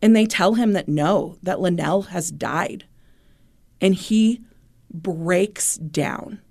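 A woman co-hosting a podcast, telling a true crime story in a casual, animated way and acting out what people said. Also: on the low side, takes it slowly, gravelly. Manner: animated retelling, acting out quotes. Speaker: podcast co-host.

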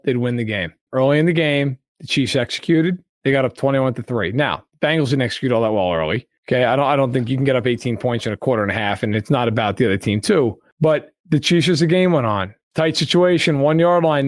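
A man's voice: fairly high pitch, no echo, clean studio sound. A man co-hosting a sports podcast, giving a heated, emphatic breakdown that hammers the same points again and again. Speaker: podcast co-host. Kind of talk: casual podcast analysis.

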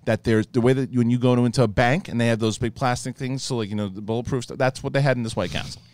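A man's voice: mid-range voice, steady tone, fast, heavy background noise. A man hosting a casual panel chat, telling rambling stories animatedly and swearing freely. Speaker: host.

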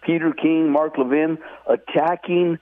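A man's voice: fairly high pitch, fairly even intonation, unhurried, no echo. A man calling in to a talk radio show, rambling with many fillers and sounding fed up. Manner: rambling, full of fillers, indignant. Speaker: caller. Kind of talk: call-in talk. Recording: tinny phone line.

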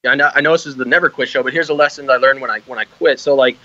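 A man's voice: mid-range voice, steady tone, racing, sharp tone, no room sound, dull audio. A man who is an army veteran, a guest on a casual podcast, laughing often and talking with lots of fillers and swearing. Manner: laughing, profane, filler-heavy.

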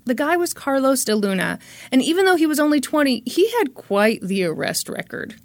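A woman's voice: high-pitched, very animated, normal speed, no echo. A woman hosting a podcast, telling a true-crime case in a chatty, dramatic way and swearing freely. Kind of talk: casual storytelling.

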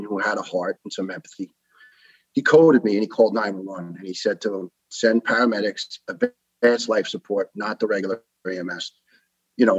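An older man tells his story in a podcast interview and slips into the voices of the people he quotes. His voice is husky and sits a little low. The sound is dry and a bit dull. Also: no room sound. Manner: animated storyteller who acts out the people he quotes. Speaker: retired firefighter telling his story.

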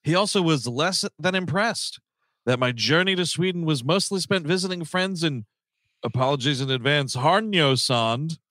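A man in a casual comedy podcast reads a listener's story aloud, stumbling through fillers. His voice sits a little high, with a bright edge and a lot of swing in pitch. The sound is dry and close. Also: animated, moderate pace, dry recording.

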